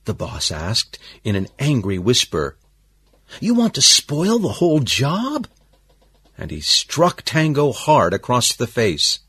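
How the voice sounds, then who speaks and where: A man reading a story aloud as narrator, very expressive. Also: mid-range voice, slightly rough, no echo.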